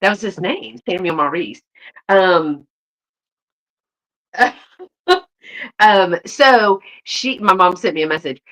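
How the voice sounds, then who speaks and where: Bright, animated Southern woman. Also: fairly low pitch, slow pace, long pauses, rough recording. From Carolinas. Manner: chatty, playful storytelling with bright animated delivery. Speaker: channel host. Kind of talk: casual live chat.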